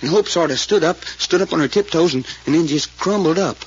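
A man's voice: on the high side, a little fast, breathy edge. An actor playing a folksy male sidekick who recounts events in a drawl with rural grammar, in 1940s radio acting style. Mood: earnest. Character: folksy adult male sidekick telling what he saw. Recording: lo-fi old radio recording with faint hiss.

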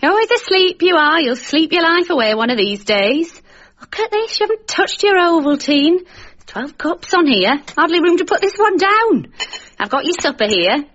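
A fussing chatty carer. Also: female voice, very high voice, very animated, moderate pace, fairly bright tone, dull audio, heavily acted. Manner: prattling, fussing, talking to herself. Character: chatty nagging female home carer. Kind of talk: comic radio sketch.

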